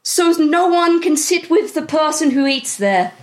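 A woman's voice: high-pitched, lively intonation, unhurried, darkish tone. A woman voicing a snooty, witchy fortune-telling writer who looks down on others, talking in a haughty, theatrical way. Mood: pompous.

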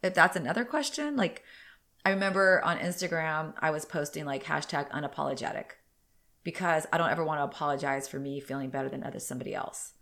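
A woman's voice: sits low, quick pace, a bit bright. A woman in her thirties hosting a podcast alone, chatting in a rambling, candid way and sounding a little congested. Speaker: podcast host. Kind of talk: casual solo podcast chat.

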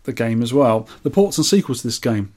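A man's voice: mid-range voice, animated, fairly quick, a little mellow. A man co-hosting a podcast, reading listener scores aloud and chatting casually. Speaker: podcast co-host. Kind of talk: casual chat.

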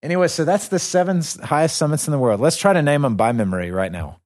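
A man's voice: fairly high pitch, lively intonation, fast, a little mellow. A man with a Southern US accent co-hosting a podcast, playful and upbeat. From North Carolina, US. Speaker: podcast co-host. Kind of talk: casual conversation.

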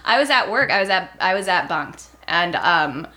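Young woman, TV writer, casual interview, lowish voice, animated storytelling. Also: normal speed, slight background noise. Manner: animated, acts out quotes in a raised voice. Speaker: TV writer guest.

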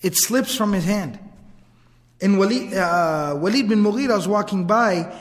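Guy teaching a class, chatty storyteller vibe, high voice, long echo in a big hall. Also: moderate pace. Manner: casual, conversational, vivid retelling with asides. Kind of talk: storytelling lesson.

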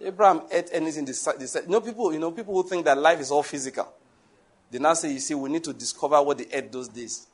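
A male preacher, delivering a lively sermon and asking his congregation questions. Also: a little high, fast, breathy edge. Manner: animated, rises to shouts, asks the congregation questions.

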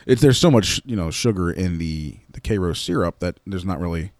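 A man co-hosting a podcast, chatting casually and often pausing to search for his words, recorded indoors. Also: sits low, animated, a little mellow, no room sound. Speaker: podcast co-host. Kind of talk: casual chat. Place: indoor room.

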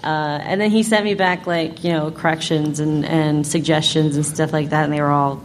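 A woman with a somewhat low voice talks from a convention stage, giggly and animated. She fills her stories with "like" and quick asides. A faint low rumble runs underneath. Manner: giggly, animated storytelling with lots of "like". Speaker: player on a live-play show. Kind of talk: panel Q&A answer, casual.

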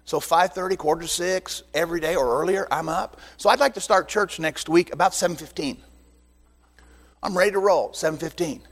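Older male pastor, high-pitched, animated teaching sermon in a reverberant hall. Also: brisk. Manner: animated, joking asides to the congregation. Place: church sanctuary. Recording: long reverb in a church hall.

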